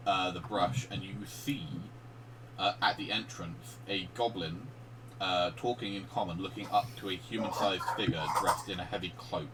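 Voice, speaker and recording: A man's voice: low voice, a bit bright. Rambling male game master, distant mic. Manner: loose, rambling narration with many fillers and restarts. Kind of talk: narrating a tabletop game. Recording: distant mic with faint hum.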